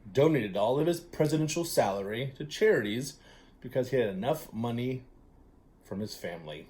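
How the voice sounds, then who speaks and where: An upbeat man hosting a relaxed trivia show, talking straight to his viewers. He keeps cheering them on, and his speech is loose and chatty, full of filler sounds and quick restarts. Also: medium pitch. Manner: upbeat and encouraging, with many fillers and self-corrections. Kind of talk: casual chatty trivia quiz to camera.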